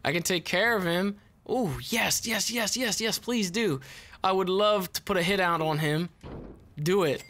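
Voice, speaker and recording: A young man doing casual gameplay commentary, excitable and swearing a lot, yelling at the game. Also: sits high, unhurried. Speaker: let's play host.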